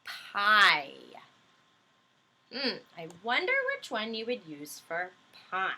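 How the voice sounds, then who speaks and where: A woman's voice: mid-range voice, big pitch swings, slow pace, sharp tone. A woman teacher leading a phonics lesson for young children, patient and encouraging, stretching out words and letters as she spells them.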